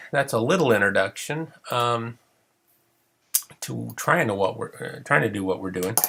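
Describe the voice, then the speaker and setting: A middle-aged counseling supervision trainer leads a casual online webinar while losing his voice. His mid-range voice is gravelly, bright and forceful, and he talks in a chatty, rambling way with lots of fillers.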